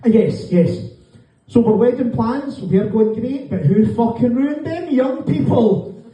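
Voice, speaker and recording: A man's voice: very high-pitched, lively intonation, measured pace, dark tone. A middle-aged Scottish man doing a sweary, mocking stand-up set in a comedy club with a live audience laughing. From Scotland. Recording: echoey room, distant mic, dull sound.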